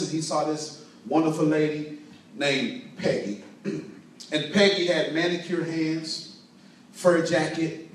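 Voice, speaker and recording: A man delivers a motivational sermon with emphatic, preacherly storytelling. His voice sits a little high for a man. The sound is heavily echoey and picked up from some distance. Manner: emphatic preaching with call-and-response. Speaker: motivational speaker. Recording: very echoey room, distant mic.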